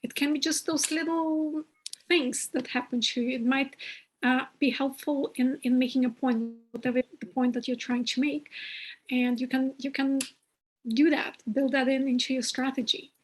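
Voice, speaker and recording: A woman host with a high voice talks through coaching advice in a casual interview. She is earnest and restarts her phrases often as she thinks aloud. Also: fairly even intonation, moderate pace, slight background noise, poor audio. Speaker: podcast host. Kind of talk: conversational interview.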